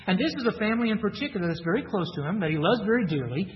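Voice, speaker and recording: A man with a high voice delivers an earnest sermon, reading verses aloud and then unpacking them. The sound is muffled, with long reverb from a large church hall. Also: lively intonation, racing. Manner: earnest, reads scripture aloud then explains it. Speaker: preacher. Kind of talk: expository sermon.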